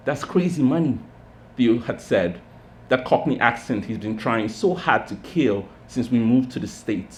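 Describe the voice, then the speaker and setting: A man at a pub open mic reading his own short story in a measured, literary way. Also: on the low side, slight background noise. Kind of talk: reading fiction aloud. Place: pub stage.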